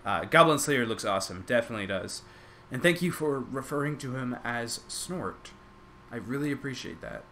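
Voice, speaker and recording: A man's voice: mid-range voice, lively intonation, normal speed, sharp tone, slight background noise. A young man streaming live, rambling casually as he reacts to his chat and to videos, with lots of "like" and restarts.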